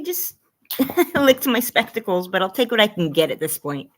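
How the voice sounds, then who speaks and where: A woman's voice: medium pitch, big pitch swings, normal speed. A woman hosting a casual livestream, greeting viewers by name and cooing at her dogs in a bubbly way. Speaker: livestream host.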